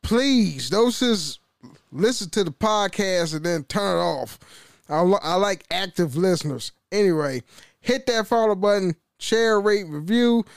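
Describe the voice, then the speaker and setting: High-voiced, loose-talking male podcaster. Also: expressive, measured pace, gravelly, no room sound, clean studio sound. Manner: loose, profane, stumbling and self-correcting. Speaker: podcast host. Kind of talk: casual podcast monologue.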